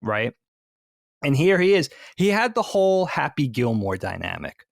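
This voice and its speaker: A gravelly-voiced man from the Philadelphia area tells an animated story with quick asides. He is recorded on a dry, close podcast mic. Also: medium pitch, dry recording. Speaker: podcast co-host. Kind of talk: casual chat, storytelling.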